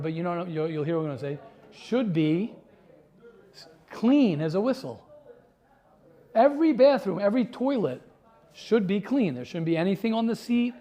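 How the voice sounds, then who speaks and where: A man's voice: high voice, darkish tone. A man giving a sermon as a rabbi to a live class, impassioned and talking in repeated phrases and restarts.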